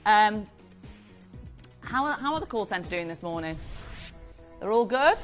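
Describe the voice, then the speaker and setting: A woman presenting on a live shopping channel, selling jewellery with gushing, effusive patter. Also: mid-range voice.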